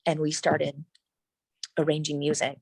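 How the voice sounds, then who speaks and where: A middle-aged woman, a guest in an interview, telling a personal story in an animated, emphatic way with frequent restarts. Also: low voice, unhurried, creaky, husky, dry recording, low-quality recording.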